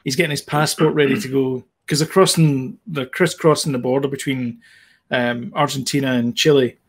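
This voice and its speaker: Man, podcast co-host, casual chat, rambling, hesitant, restarts often, mid-pitched. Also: steady tone, moderate pace.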